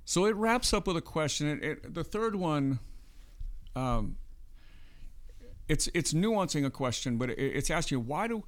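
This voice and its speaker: A man's voice: fairly high pitch, animated, measured pace, long pauses. Earnest man explaining, frequent "right?". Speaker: podcast co-host. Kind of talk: casual faith discussion.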